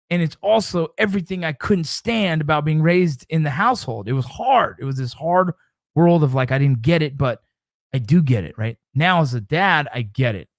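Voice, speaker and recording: A man's voice: fairly high pitch, no room sound, clean studio sound. A man in his forties hosting a casual livestream chat, talking emphatically, repeating himself and swearing casually. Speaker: show host.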